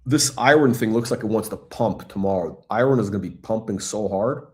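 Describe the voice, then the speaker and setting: A middle-aged man hosting a live stock chat, talking in an excitable, blunt, repetitive way and swearing now and then. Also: fairly low pitch, brisk. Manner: excitable hype, blunt, swears, repeats himself. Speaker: stock channel host. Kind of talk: livestream stock chat reading chat questions.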